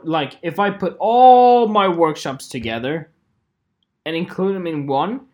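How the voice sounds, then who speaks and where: Slow, animated ranting photographer. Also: mid-range voice. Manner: animated, profane, repeats phrases, laughs often. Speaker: photographer vlogger. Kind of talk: casual ranting vlog.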